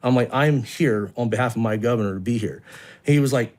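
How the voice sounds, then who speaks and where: Animated man telling a rescue story. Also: medium pitch, brisk. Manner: animated, acts out quotes. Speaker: volunteer rescuer. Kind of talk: storytelling in an interview.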